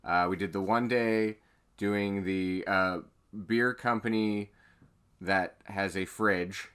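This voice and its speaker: A man's voice: on the low side, slow, smooth. A man hosting a casual podcast, recalling past shoots in an offhand way with fillers. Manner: relaxed, offhand recollection with fillers. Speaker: podcast host. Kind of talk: casual chat.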